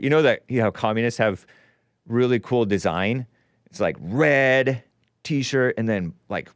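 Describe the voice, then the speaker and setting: A man in his forties hosting a call-in show, giving rambling, sarcastic, animated political commentary. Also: lowish voice, clear, resonant tone, no echo, clean studio sound. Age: 40s.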